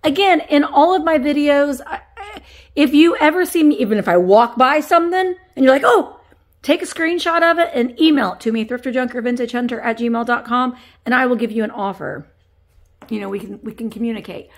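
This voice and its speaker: A woman reselling antiques, chatting casually to viewers as she unboxes finds on camera, easily excited and talking to the objects. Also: sits high, fairly quick. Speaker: antique reseller and shop owner. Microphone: camera on a tripod.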